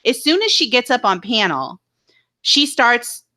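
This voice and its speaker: Woman co-host, bright and a touch high, indignant and animated, casual live-stream chat. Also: measured pace. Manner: animated, indignant storytelling with mocking impressions.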